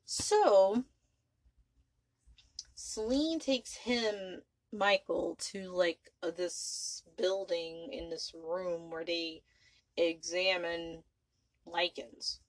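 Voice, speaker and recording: Slow-talking, rambling woman podcaster. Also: lowish voice, flat delivery, no room sound, low-quality recording. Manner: rambling, profane, full of "you know" and "like". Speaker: podcast host. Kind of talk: casual movie recap.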